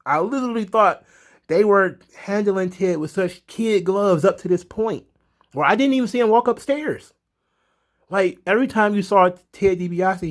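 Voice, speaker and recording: A man giving a casual recap of a wrestling show, excitable, chuckling, swearing freely. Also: sits high.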